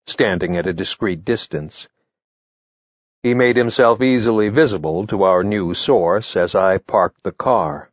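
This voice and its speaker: A man narrating his memoir in a measured, matter-of-fact way, reading from a script. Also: on the low side, no room sound, highs cut off. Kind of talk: first-person memoir narration, read from a script.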